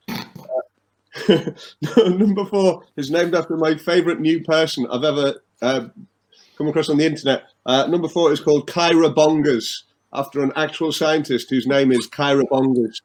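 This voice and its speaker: A man's voice: a little high, normal speed, poor audio. Rambling, whimsical man playing a game. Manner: rambling, whimsical, chuckling, many "uh" fillers. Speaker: game player. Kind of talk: casual banter on a streamed game.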